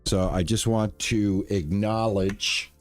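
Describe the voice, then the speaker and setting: A man streaming from home, chatting slowly and easily with his viewers. His voice sits fairly low, and he leans on fillers and restarts as he thanks people. Faint music plays underneath. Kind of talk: casual live-stream chat.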